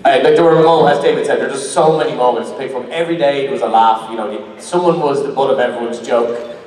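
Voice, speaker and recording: A man's voice: mid-range voice, fast talker, darkish tone. A man on a convention panel telling playful, swearing stories as an actor. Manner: playful, swearing, laughing storyteller. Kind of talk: casual panel storytelling. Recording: echoey hall recorded from far off with crowd.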